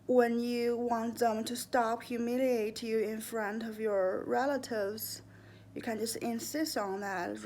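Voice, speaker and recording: A young woman calmly and earnestly giving advice in a casual monologue, with frequent fillers. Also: fairly high pitch, slight background noise. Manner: calm, earnest, deliberate, with fillers and slips.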